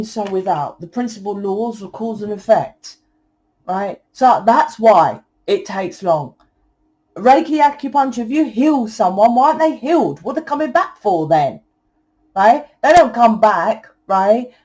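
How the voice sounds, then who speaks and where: A woman's voice: a little high, darkish tone. A woman giving a tarot reading, talking in a blunt, preachy, casual way and swearing freely. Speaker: tarot reader.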